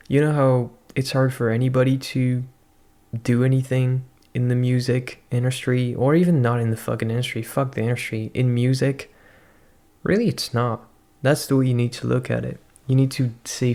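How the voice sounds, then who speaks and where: Flat-voiced young man ranting. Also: mid-range voice. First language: not English. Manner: profane, ranting, introspective. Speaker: vlogger. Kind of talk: rambling personal monologue.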